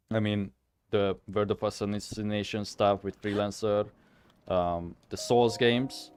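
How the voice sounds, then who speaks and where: A man's voice: lowish voice, fairly even intonation, slow pace, a little mellow, clean tone, soft background music. A young man streaming a game, chatting casually and thinking aloud as he rambles with fillers. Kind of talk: casual live game commentary.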